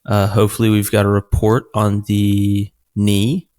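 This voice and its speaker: Easygoing low-voiced male podcast co-host. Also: monotone, darkish tone, no echo, clean studio sound. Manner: easygoing, unhurried prompting questions. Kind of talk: casual podcast chat.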